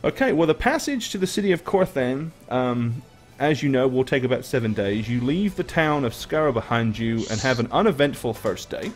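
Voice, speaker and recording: A man narrating a tabletop game as game master, relaxed and full of ums. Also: mid-range voice, moderate pace, faint music behind. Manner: relaxed, hesitant with many ums.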